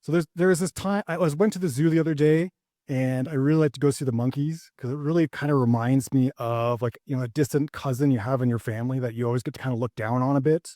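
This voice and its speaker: A young man doing a stand-up set, rambling and hesitant with many restarts, landing deadpan punchlines. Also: medium pitch, quick pace, dry recording, clean studio sound. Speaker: stand-up comedian.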